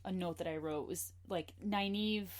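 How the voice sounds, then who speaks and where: Chatty woman guest, low voice. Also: moderate pace. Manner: chatty, laughs often, reads book quotes aloud. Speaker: podcast guest. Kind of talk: casual chat.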